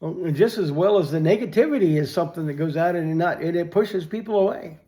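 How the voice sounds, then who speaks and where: A man's voice: on the high side, fairly quick, warm tone. An older man telling a story in a folksy, rambling way, often repeating "I said", then reflecting on faith.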